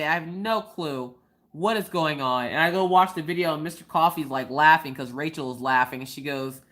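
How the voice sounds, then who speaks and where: A chatty young woman hosting a casual craft live stream, her voice sitting low for a woman. She giggles a lot and bounces into quoted voices while she tells her stories. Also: fairly quick, pushed and bright. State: recovering from a cold. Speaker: livestream host.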